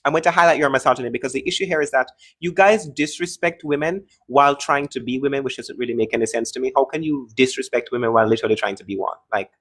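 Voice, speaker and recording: Fast-talking mocking male debate host. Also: medium pitch, a bit bright. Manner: mocking, interrupting, taunting callers. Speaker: host of a live debate stream. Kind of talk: combative live-stream debate.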